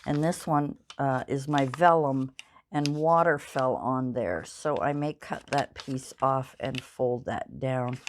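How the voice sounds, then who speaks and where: A woman's voice: very deep voice, slow, slight background noise. An older woman chatting casually while she crafts, rambling and self-deprecating, with many fillers. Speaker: crafting channel host. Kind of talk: casual crafting vlog chat.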